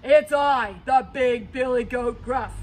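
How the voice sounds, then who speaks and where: A woman voicing the big billy goat in a storybook reading, with a hoarse, ugly voice and loud threats. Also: sits high, slow, a little hiss or hum. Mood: defiant.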